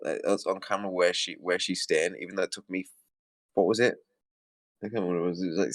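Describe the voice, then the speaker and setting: A man with a low voice rants through video commentary, swearing constantly and sounding exasperated. The recording is dry and close. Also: dry recording. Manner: profane, exasperated ranting. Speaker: commentary host.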